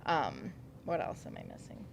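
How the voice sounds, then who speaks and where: A woman social worker sharing her group's ideas at a workshop, soft-spoken and a bit apologetic. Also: normal speed, a little hiss or hum. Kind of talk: group share-out.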